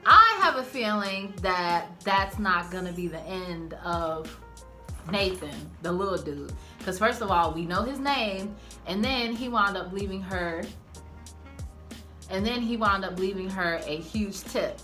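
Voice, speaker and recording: A woman's voice: medium pitch, measured pace, soft background music. A woman giving a casual, slangy, profane recap of a TV episode as a channel host. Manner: animated, slangy, profane storytelling. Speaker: TV show reviewer.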